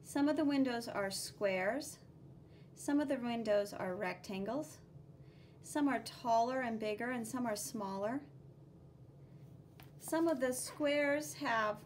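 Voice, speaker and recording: A woman teacher giving a slow, gentle, step-by-step drawing lesson for young children, counting out the shapes as she draws. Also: a little high, a little hiss or hum.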